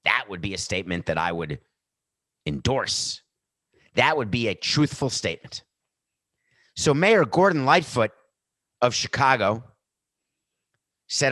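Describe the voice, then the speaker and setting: Sarcastic middle-aged male sports podcast host, dry close studio mic, mid-pitched voice. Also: a little slow, pauses often, no room sound. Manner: sarcastic, animated rants with mock quotes. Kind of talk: opinionated sports commentary. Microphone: studio microphone with earpiece.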